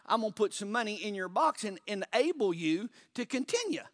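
A man preaching in a fairly high voice, firing pointed questions at his listeners and then pausing to let them sink in. The sound is dry and close, with no room echo. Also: big pitch swings, fairly bright tone. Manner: pauses for emphasis. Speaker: pastor. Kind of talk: sermon.

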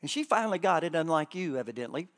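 A man preaching a sermon at a church conference, joking with the crowd and swinging between loud bursts and quiet asides. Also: a little high, expressive, fast talker.

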